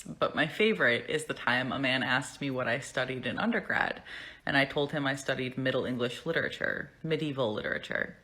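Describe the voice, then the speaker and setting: Bright-voiced woman, dry and measured. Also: very deep voice. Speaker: storyteller with a literature degree. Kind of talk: casual storytelling to camera.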